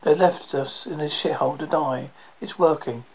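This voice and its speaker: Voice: medium pitch, normal speed, slightly rough, natural voice, rough recording. A storyteller voicing a blunt, pessimistic man who barks grim warnings. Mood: bitter. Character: bitter, pessimistic man, quick to snap.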